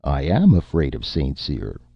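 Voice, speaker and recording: A deep-voiced man reading a gloomy, put-upon writer. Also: big pitch swings, moderate pace, gravelly, breathy edge, no echo, heavily acted. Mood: gloomy, plaintive. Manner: gloomy, plaintive. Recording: dull lo-fi, dry.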